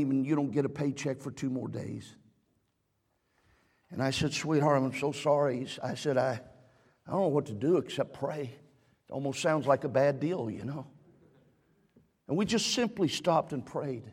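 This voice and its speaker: A man's voice: fairly high pitch, moderate pace, long pauses, a little mellow, slightly rough. Fervent preaching man in a reverberant church. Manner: storytelling, building to fervent preaching. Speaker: pastor. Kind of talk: sermon. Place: church sanctuary.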